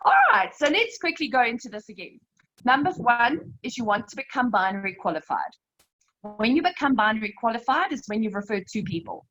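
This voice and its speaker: A woman leading a live slide presentation, explaining step by step in a brisk, emphatic way and often calling her listeners "you guys". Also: fairly high pitch, expressive, a bit bright, low-quality recording. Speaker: network marketing team leader presenting a webinar.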